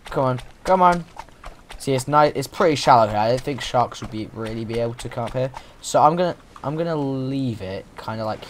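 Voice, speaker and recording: Young male gamer, mid-pitched, chatty, playful let's-play commentary with restarts and rambling. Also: slight background noise. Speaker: gaming YouTuber.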